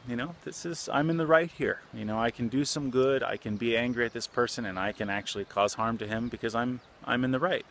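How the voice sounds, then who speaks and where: A man's voice: mid-range voice, fairly quick, few pauses, fairly bright tone, slight background noise, close to an everyday voice. A man voicing a self-righteous male martial arts master who sounds smug and eager.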